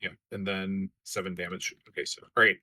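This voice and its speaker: A lowish-voiced man with a bright, forceful tone runs a tabletop game over voice chat. He casually rattles off dice math and rules calls. The recording is dry and close. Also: flat delivery, fairly quick, no room sound. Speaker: game master.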